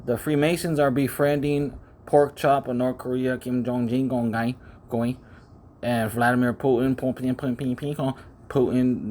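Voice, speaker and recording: A man's voice: mid-range voice, a little mellow, slight background noise. A man preaching in a rambling monologue, often repeating words, speaking close to the microphone. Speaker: self-styled preacher.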